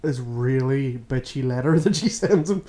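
A man's voice: mid-range voice, expressive, normal speed, mellow. Chatty male podcast guest. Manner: chatty, laughs through his stories. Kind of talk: casual chat.

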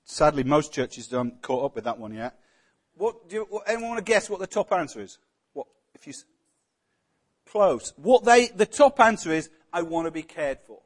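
A man's voice: sits high, sing-song, normal speed. A man preaching a sermon in a conversational way, often putting questions to the congregation.

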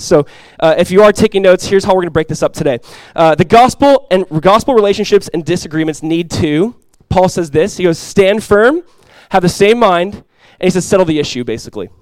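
A male pastor delivering a sermon in an easygoing, conversational manner, peppering it with fillers and asides. His voice sits somewhat high for a man. The sound is close and dry, with little room echo. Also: a little mellow. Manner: casual conversational preaching with many fillers.

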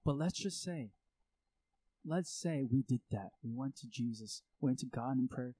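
A man's voice: medium pitch, expressive, normal speed, mellow, husky, dry recording, rough recording. A man preaching a sermon, speaking earnestly and acting out prayers and indignant reactions to make his point. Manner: earnest, acts out prayers and reactions with rising intensity. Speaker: pastor.

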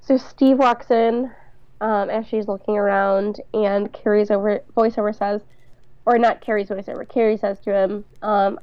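A woman's voice: medium pitch, steady tone, normal speed, clean tone, no room sound. A woman co-hosting a podcast, chattily recapping a show, reading quotes aloud and swearing casually. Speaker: podcast co-host. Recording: dull, muffled dry mic.

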